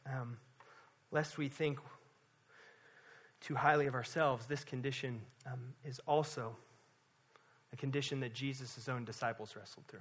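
A man pastor delivering a sermon at a church service, impassioned, swinging between hushed and loud emphasis and repeating words for weight. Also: mid-range voice, breathy edge.

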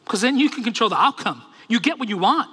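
A male pastor preaching a sermon, animated and humorous, telling stories to his congregation. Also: very high voice, quick pace, husky, long reverb tail.

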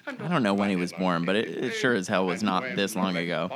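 Man, podcast co-host; low-ish voice, casual and jokey, swears easily. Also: quick pace, crowd noise. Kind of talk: casual chat.

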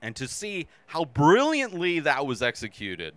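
A man hosting a movie review show in a bright, smooth, fairly high voice. He talks at an unhurried pace but swings widely in pitch, bursting into shouts as he acts out his own reactions. The sound is dry and close. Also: huge pitch swings, no echo. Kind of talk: casual spoken movie review.

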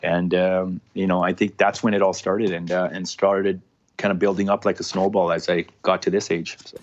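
A man's voice: sits low, little pitch movement, moderate pace. A man in his thirties, a former hockey player, chatting casually as a podcast guest, rambling with many restarts and fillers. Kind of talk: casual interview chat. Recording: dull lo-fi sound with faint noise.

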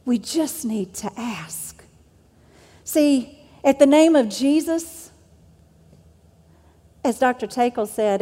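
A woman's voice: high-pitched, expressive, slow, pauses often, warm tone, in a large hall. A woman preacher delivering a sermon with an emphatic, repetitive cadence.

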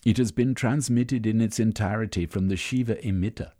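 A man voicing a cold, scheming male villain who bargains with menace, in a husky voice. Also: on the low side, brisk, dark tone, pitched above the performer's own voice, natural voice.

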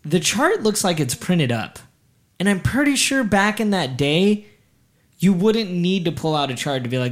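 A man co-hosting a podcast, chatting casually in an excitable way, telling stories and laughing often. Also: sits high, moderate pace. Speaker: podcast co-host. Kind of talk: casual chat.

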